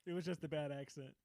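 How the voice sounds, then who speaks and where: A man's voice: on the high side, a little mellow. A man co-hosting a podcast in casual chat, laughing often and murmuring agreement. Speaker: podcast co-host.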